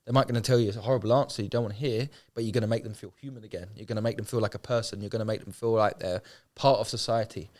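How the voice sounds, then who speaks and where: A man's voice: fairly low pitch, fairly even intonation, rapid-fire, few pauses, a little mellow. A young man, telling his story in an interview in an earnest, heartfelt, colloquial way, often repeating phrases for emphasis. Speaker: homeless charity founder. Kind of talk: emotional podcast interview.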